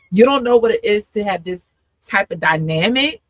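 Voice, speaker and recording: A woman's voice: medium pitch, animated, normal speed, fairly bright tone, no echo, poor audio. A woman hosting a live talk, telling her story with feeling, laughing often and acting out her past self. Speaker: host and coach. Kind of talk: candid testimony in a live conversation.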